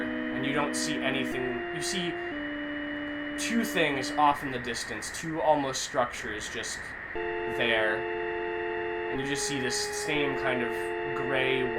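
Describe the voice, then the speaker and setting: A man's voice: mid-range voice, rough recording. Rambling male game master narrating. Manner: rambling, self-correcting, many fillers.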